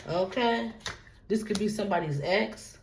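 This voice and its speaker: A woman's voice: mid-range voice, moderate pace, a little hiss or hum, low-quality recording. Woman doing a loose, profane tarot reading. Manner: loose, profane, repetitive, talks straight to the viewer. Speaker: tarot reader.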